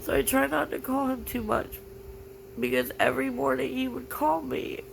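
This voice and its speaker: A young woman vlogging through tears, halting and grief-stricken, with many "like" fillers. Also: sits high, big pitch swings, creaky, background noise. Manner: halting, full of "like" fillers, grieving. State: tearful. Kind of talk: personal confessional vlog.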